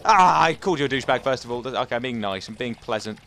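A young man giving casual, excitable commentary over gameplay. He yelps and chatters at the game as he plays. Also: mid-range voice, rapid-fire, background noise. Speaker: gaming commentator.

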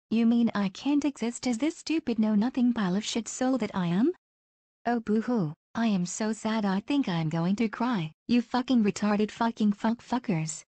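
A foul-mouthed, sarcastic mystic woman, as an actress plays her speaks in a mid-pitched voice. The recording is dry and close, with no room sound. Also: lively intonation, moderate pace, mellow, dry recording, close to an everyday voice. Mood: scornful. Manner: sarcastic, profane, declaiming.

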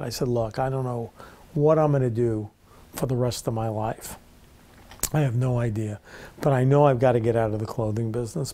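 An older man casually telling the story of how he started his business, relaxed and conversational. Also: medium pitch. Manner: relaxed, conversational, rambling with restarts.

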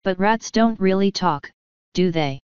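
A woman reading an audiobook, voicing a blunt, sharp-tongued young girl who speaks with scorn. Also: medium pitch, unhurried, clear, resonant tone, no room sound, highs cut off, natural voice. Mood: scornful.

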